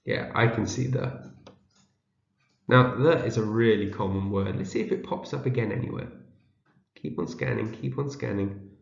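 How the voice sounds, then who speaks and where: A patient teacher's voice, a man leading children through a story one word at a time. His low voice has a gravelly edge, and the slightly dull sound carries the echo of a room. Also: moderate pace, pauses often. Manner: reads word by word, repeating each word for learners to echo. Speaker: teacher leading a shared reading. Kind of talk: slow, patient read-aloud lesson for young children. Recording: dull, roomy home video.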